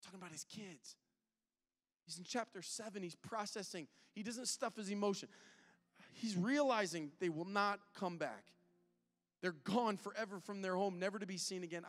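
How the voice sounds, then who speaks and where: A man preaching a sermon in a candid, conversational style, with sudden swings between loud and soft. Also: high voice, normal speed, big-room sound. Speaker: pastor. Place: church auditorium.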